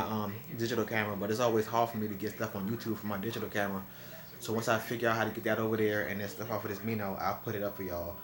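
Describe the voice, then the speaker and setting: Chatty young man, low voice. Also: fairly bright tone, roomy sound. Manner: chatty, talks straight to viewers. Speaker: vlogger. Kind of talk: casual chat to camera. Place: indoors at home.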